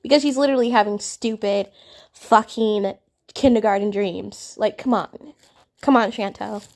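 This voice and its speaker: A woman's voice: mid-range voice, normal speed, a little mellow. A woman hosting a reaction video, commenting in a profane, exasperated and mocking way.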